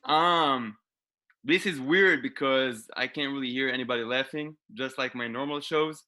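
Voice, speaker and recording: A young man with an Israeli accent performing a deadpan stand-up comedy set over a video call. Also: medium pitch. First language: Hebrew. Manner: deadpan delivery, halting English.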